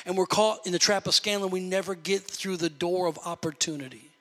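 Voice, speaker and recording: Pastor, male, high bright voice, lively conversational sermon delivery, echoey church hall. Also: a little fast. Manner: animated, conversational preaching with church call-outs.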